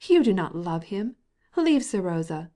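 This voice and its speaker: Lady doing a desperate young wife begging, low and teary, dark-toned. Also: moderate pace, natural voice. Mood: pleading. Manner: pleading, low and tearful.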